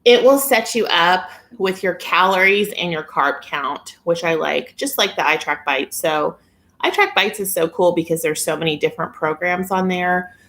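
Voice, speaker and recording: A woman's voice: on the low side, moderate pace, a bit bright. A woman hosting a casual live-stream chat on a phone camera, chatty and giggly as she reads viewer comments. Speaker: weight-loss vlogger hosting a live stream.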